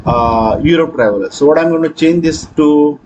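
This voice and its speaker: A man hosting a software tutorial, talking through his screen with frequent hesitations. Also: fairly high pitch, moderate pace, lo-fi sound, slight background noise. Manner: hesitant, many fillers. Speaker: tutorial host. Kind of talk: screen-recording software walkthrough.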